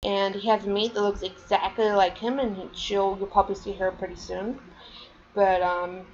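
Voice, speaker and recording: A woman's voice: mid-range voice, little pitch movement, normal speed, dull audio, a little hiss or hum. A woman casually chatting on a vlog, showing off her collection and rambling with lots of "um" and "like.". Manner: chatty, rambling, many fillers. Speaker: vlogger. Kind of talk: casual show-and-tell.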